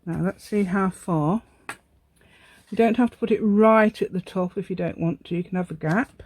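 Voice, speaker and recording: A woman with a medium-pitched, darkish voice speaks at normal speed as she hosts a casual crafting tutorial. She rambles and chats while she works, often laughing and putting herself down in a lighthearted way.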